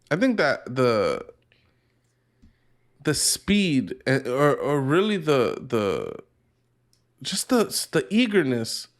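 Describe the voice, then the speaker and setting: A man co-hosting a podcast in casual chat, rambling and profane, with many restarts. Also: mid-range voice. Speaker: podcast co-host.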